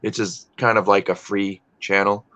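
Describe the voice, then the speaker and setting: A man chats casually as he hosts a live stream, talking in loose, rambling runs that break off mid-thought and swearing without care. His voice is bright and forceful, and it comes through dull, lo-fi stream audio. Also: lowish voice, level tone, moderate pace. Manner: rambling, self-interrupting, swears freely. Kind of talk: casual chat while working.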